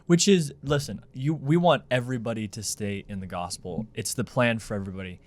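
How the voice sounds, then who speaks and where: A man's voice: on the low side, brisk, dry recording. A man co-hosting a casual podcast, making earnest, firm arguments in conversation. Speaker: podcast co-host.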